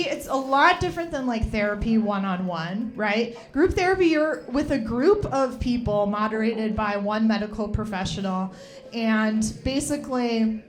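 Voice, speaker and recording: Young woman, stand-up comic, deadpan, self-mocking, slightly disgruntled, fairly high voice, club stage mic. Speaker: stand-up comedian. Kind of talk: stand-up set.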